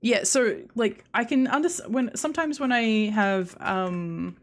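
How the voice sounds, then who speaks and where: A woman's voice: fairly high pitch, measured pace. A young woman with an Australian accent, chatting casually with viewers on a live stream, rambling and restarting her sentences with giggles. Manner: rambling, self-interrupting, giggly.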